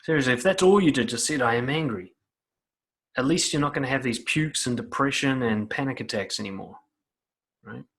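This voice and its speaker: A man's voice: medium pitch, a little fast, a bit bright. Male self-help coach, mid-range voice, blunt and emphatic, swears freely. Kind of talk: direct advice monologue.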